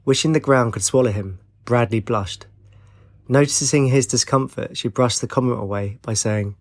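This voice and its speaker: A male narrator reads a fantasy novel aloud in a measured, even way. His mid-pitched voice has a noticeable gravelly texture. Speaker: audiobook narrator. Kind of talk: scripted narration.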